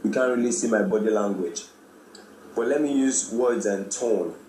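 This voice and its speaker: Man, radio presenter, mellow voice, echoey room. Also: moderate pace. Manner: animated, acts out quoted greetings with rising pitch. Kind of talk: radio talk on communication. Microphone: studio microphone. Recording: echoey room, faint background noise.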